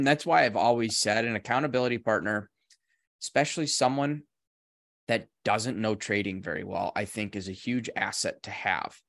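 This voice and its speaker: A man hosting a podcast in casual chat, an animated storyteller who speaks in quick bursts. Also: medium pitch, vocal fry, no room sound, studio quality. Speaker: podcast host.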